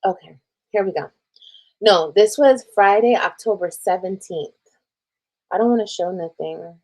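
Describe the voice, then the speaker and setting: On a casual storytime livestream, a Texas woman speaks directly to her viewers, reading old messages aloud and swearing freely as she shares a personal story. She comes across candid and emotional. Her voice is mid-pitched for a woman, a little slow, with a slightly dark tone.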